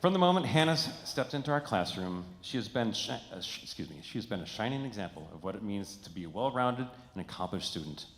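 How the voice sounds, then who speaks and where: A man's voice: lowish voice, animated, quick pace, few pauses. A man, a band director, speaking upbeat to students and parents at a school concert in a performing arts center. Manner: upbeat, addressing audience and students. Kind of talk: concert emcee remarks. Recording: echoey hall, faint crowd and noise.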